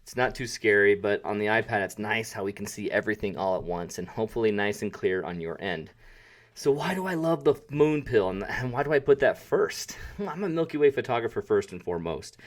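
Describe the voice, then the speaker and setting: A man's voice: on the low side, lively intonation, fairly quick. A man hosting a live photography webinar, chatty and self-deprecating, with jokey asides and a voice that drifts toward and away from his desk mic. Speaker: webinar host and photography teacher. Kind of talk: casual live-stream tutorial. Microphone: desk mic, sometimes drifting off it.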